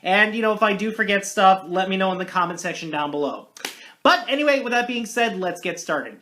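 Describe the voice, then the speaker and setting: An excitable reviewer talks through a film in a loose, off-the-cuff monologue. Loud bursts of hype give way to quiet, mumbled asides, and the talk wanders through self-corrections. The jokes are often aimed at the speaker. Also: medium pitch, fairly quick, a little hiss or hum. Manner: energetic and rambling, with big jumps between loud hype and muttered asides. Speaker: movie reviewer. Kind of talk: casual movie review monologue.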